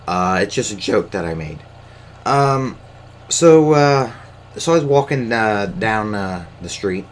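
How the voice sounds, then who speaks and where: A solo podcast host talks casually into his camera mic in a fairly low, expressive voice at a slow pace. He rambles and hesitates, full of filler words and swearing.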